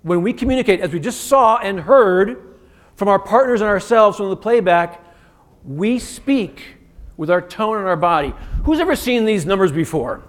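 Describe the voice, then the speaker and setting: A man giving an interactive keynote as a communication coach, energetic and firing quick commands at the audience. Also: high-pitched. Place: conference stage in a large hotel venue.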